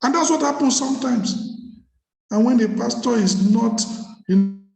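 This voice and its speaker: A man's voice: extremely high pitch, measured pace, gravelly, over music. A man preaching a sermon as a pastor, telling a story and repeating phrases for emphasis. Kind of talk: sermon at leadership workshop. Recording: echoey hall.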